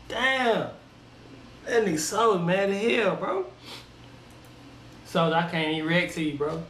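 A man hosting a reaction video, chatting casually and laughing with excitement. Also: high-pitched, measured pace, pauses often, a little hiss or hum. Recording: echoey room.

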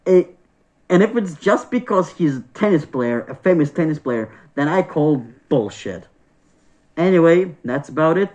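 A man's voice: on the high side, animated, normal speed, a little mellow. A man vlogging a casual opinion rant, exasperated and profane, repeating himself as he talks. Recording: dull lo-fi sound.

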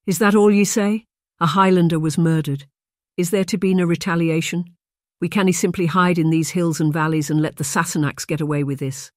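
A proud young Highland warrior with a Scottish accent, as an audiobook narrator puts him on. He is a man who speaks with hot-headed defiance in a dry, close storybook reading. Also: level tone, normal speed, a little mellow, no echo, lightly acted. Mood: defiant. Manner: impassioned, defiant.

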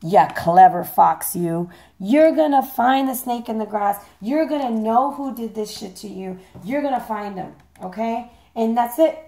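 A hoarse woman giving a chatty, playful tarot reading, swearing casually as she talks. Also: fairly high pitch, lively intonation, normal speed, few pauses, warm tone. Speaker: tarot reader.

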